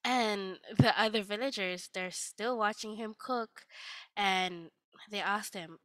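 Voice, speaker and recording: A woman, telling a children's story in a lively, casual way. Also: medium pitch, slow, dry recording.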